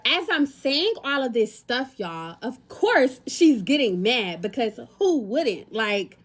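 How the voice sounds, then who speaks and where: Talking slowly in a slightly high, very animated voice, this young American lifestyle creator shares a storytime vlog. She addresses viewers directly in a chatty, slang-heavy way.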